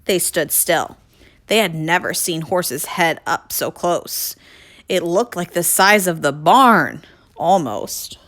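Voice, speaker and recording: A woman reading a children's picture book aloud, expressive and speaking directly to young listeners. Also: lowish voice, slow. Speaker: storyteller.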